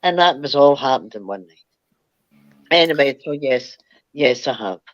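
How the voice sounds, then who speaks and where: A woman's voice: extremely low pitch, animated, moderate pace, dry recording, dull audio. An older woman, telling a rambling, chatty ghost story as a guest. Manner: rambling, chatty, laughs through her story. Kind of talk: casual storytelling.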